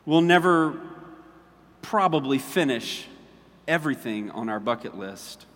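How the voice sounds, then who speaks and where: A man's voice: medium pitch, lively intonation, measured pace, fairly bright tone. A man preaching a casual sermon as pastor, chatty and checking in with his listeners often. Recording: long reverb of a large hall.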